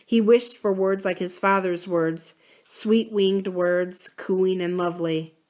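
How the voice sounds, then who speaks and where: Brief: woman library reader, low voice, measured book narration. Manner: measured, even storytelling. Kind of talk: reading a novel aloud.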